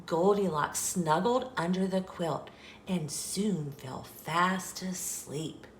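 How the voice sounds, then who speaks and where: A woman hosting a children's channel, reading a picture book aloud with slow, expressive storytelling. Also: on the low side, a little hiss or hum. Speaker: children's story reader and host. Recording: echoey room.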